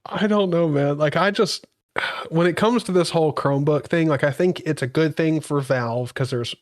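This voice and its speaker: A man's voice: on the high side, normal speed, no room sound, clean studio sound. A man co-hosting a podcast, chatting casually and easygoing, chiming in with agreement. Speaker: podcast co-host. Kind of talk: casual tech chat.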